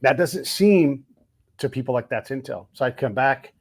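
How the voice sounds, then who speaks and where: A man's voice: mid-range voice, lively intonation, moderate pace, slightly rough. A man hosting a podcast, telling stories in casual, profane talk and acting out the people he quotes. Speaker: podcast host. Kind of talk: casual interview chat, storytelling.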